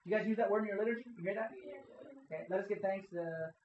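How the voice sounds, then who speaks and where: A man's voice: high-pitched, fast, muffled recording, slight background noise. A man preaching a casual sermon to young people in a church hall, asking the audience questions and checking in with "okay?". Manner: conversational, quizzes the audience, keeps saying "okay?". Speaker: youth preacher.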